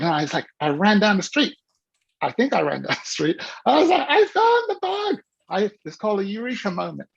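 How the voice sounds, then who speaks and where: A man speaking on a video call, telling an animated story and acting out the quoted voices with sudden jumps in pitch. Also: creaky, slightly rough, no echo. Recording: dull lo-fi video call audio.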